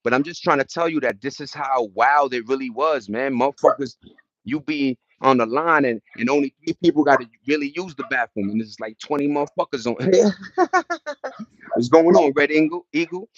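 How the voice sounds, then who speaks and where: A man's voice: mid-range voice, a little fast, muffled recording. A middle-aged man hosting a livestream, telling loose, slangy stories in casual chat and greeting viewers from the chat between them. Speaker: livestream host.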